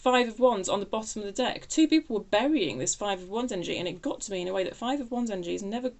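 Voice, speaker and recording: A woman's voice: medium pitch, animated, very fast, a little mellow. A woman giving a casual tarot reading, chatty and self-interrupting, laughing at her own remarks. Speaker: tarot reader.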